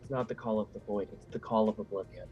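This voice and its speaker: A man's voice: lowish voice, steady tone, fast talker, mellow, soft background music. Wry young man on a dull mic. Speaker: gamer in voice chat. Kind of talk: casual chat.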